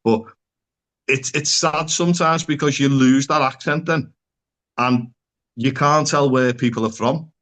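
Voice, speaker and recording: An earnest man speaking as a psychotherapist guest on a podcast. His voice sits at an ordinary middle pitch, and he talks it through casually and keeps asking rhetorical questions. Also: steady tone, a little slow, fairly bright tone.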